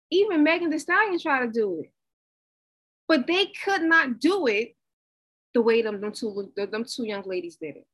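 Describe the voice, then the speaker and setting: A woman giving a conversational, animated inspirational talk, repeating herself for emphasis. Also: fairly high pitch, poor audio. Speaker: motivational speaker.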